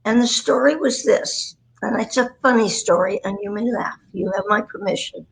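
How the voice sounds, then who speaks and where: A gravelly, mid-range voice comes through a remote livestream link with some hiss or hum and generally poor sound. She is a voice actress in her nineties, guesting in a storytelling interview, and she recounts her career in rambling, self-effacing stories at a moderate pace.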